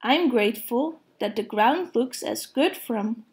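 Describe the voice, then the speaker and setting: A woman's voice: on the high side, animated, measured pace, darkish tone. A woman voicing an earnest, matter-of-fact male gopher in a storybook.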